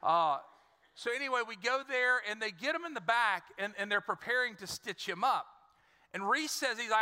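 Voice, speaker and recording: A man's voice: extremely high pitch, fairly quick, pushed and bright, clean tone, big-room sound. A male pastor preaching a sermon, telling stories in a conversational, joking way with many repeated words. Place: church.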